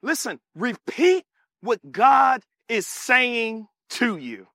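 A male preacher delivers a sermon with animated call-and-response and sudden shouts. His voice is very high and bright, and his pitch rises and falls with great energy. The sound is dry and close. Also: very slow, vocal fry, no room sound.

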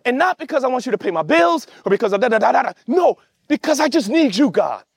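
High-voiced preacher man, emphatic and dry. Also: very animated, quick pace, vocal fry, husky, dry recording. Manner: emphatic, calls out to congregation, shouts at peaks. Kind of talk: sermon. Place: church service with online audience.

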